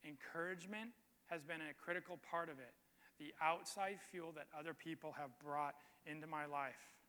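A man's voice: fairly high pitch, normal speed, bright, forceful tone. A male pastor giving a sermon in a conversational storytelling way, repeating his key points for emphasis. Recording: long hall reverb.

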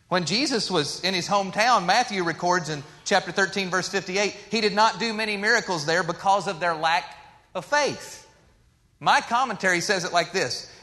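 A male pastor preaching a sermon in a conversational way, pushing up for emphasis and then dropping to a soft, slow hush. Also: high-pitched. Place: church sanctuary. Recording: long hall reverb.

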